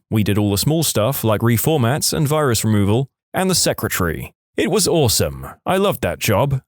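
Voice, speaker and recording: A man reading online stories aloud as scripted narration, expressive, with dry asides. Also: mid-range voice, no echo.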